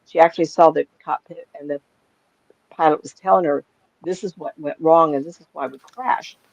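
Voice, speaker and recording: A woman's voice: low voice, moderate pace, no echo. A middle-aged woman, a psychic medium, telling stories in a casual chat and acting out the voices of people she quotes. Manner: animated storyteller, acts out quoted voices. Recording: dull lo-fi sound.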